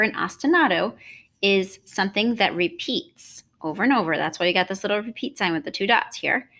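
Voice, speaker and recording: A woman teaching an online music lesson, explaining rhythm and solfege in a clear, patient, encouraging way. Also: mid-range voice, a bit bright.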